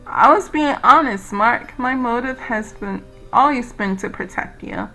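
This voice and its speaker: A woman's voice: fairly high pitch, measured pace, pushed and bright, soft background music, rough recording. A woman voicing a loyal, earnest young male friend who speaks sincerely.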